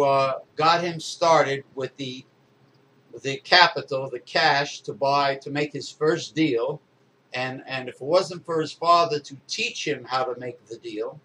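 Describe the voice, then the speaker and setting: A man's voice: fairly high pitch, fairly bright tone, a little hiss or hum, poor audio. A middle-aged man co-hosting a podcast, ranting angrily and swearing, with lots of fillers. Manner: angry profane ranting with many fillers. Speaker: podcast co-host. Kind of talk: casual political chat.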